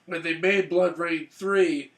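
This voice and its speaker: A man with a fairly high voice rambles through a casual movie review chat. He swears freely and laughs a lot as he goes. The room around him rings with echo. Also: fairly even intonation, slow pace, fairly bright tone. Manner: rambling, profane, laughs often. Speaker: co-host of a movie review show.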